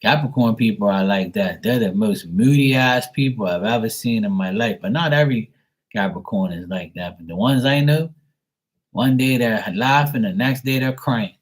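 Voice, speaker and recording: A man running a live tarot stream, chatting and rambling in a casual, loose way. His voice sits a bit low, and he swears freely and laughs often as he talks. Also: normal speed, low-quality recording. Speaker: tarot reader.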